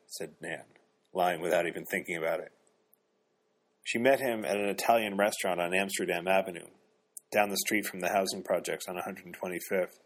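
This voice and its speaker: Deep, husky male audiobook narrator. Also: fairly even intonation, fairly quick, a bit bright. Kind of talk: scripted narration.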